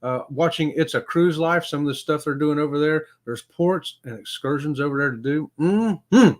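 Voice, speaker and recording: At a normal speed, this middle-aged livestream host reads viewer comments in a relaxed chat. His voice is a bit high for a man, and his folksy, upbeat delivery often gives way to chuckles.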